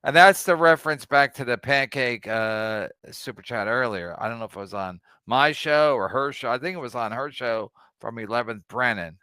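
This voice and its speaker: A man's voice: mid-range voice, moderate pace, few pauses, bright, forceful tone, smooth, no echo, studio quality. A middle-aged man hosting a podcast, ranting crudely and laughing at his own jokes. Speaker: podcast host reacting to clips. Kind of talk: crude comedic rant.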